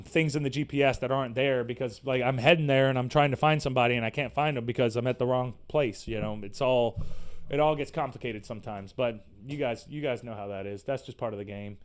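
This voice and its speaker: A man hosting a podcast, delivering an animated, profane, sarcastic rant in casual slangy talk. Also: mid-range voice. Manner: animated, profane, exasperated ranting. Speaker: podcast host. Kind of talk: casual ranting monologue.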